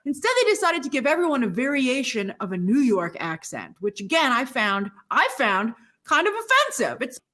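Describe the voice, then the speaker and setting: A woman reviewing a film with snarky, expressive commentary. Her high voice swings widely in pitch and has a bright, sharp edge. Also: moderate pace, few pauses. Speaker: film critic.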